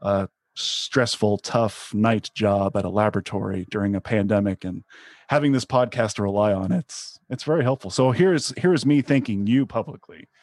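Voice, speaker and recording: A man's voice: lowish voice, moderate pace, darkish tone, no room sound. A man, an author, chatting as a guest on a podcast, earnest and appreciative, eager to explain his work. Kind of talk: casual podcast chat.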